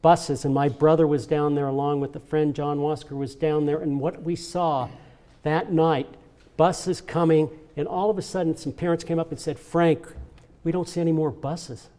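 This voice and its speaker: Warm and steady, at a moderate pace and fairly high pitch, an older man delivers a heartfelt speech as honoree of a charity event. He tells earnest, emotional stories and repeats himself.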